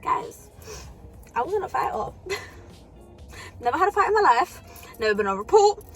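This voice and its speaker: A woman's voice: sits high, very animated, unhurried, fairly bright tone, faint music behind. A young woman telling a storytime vlog in casual, slangy talk with frequent swearing and fillers. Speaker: vlogger.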